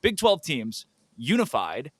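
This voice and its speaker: A man co-hosting a casual sports podcast, riffing with jokey, animated asides. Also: mid-range voice, slow, no room sound. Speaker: podcast co-host.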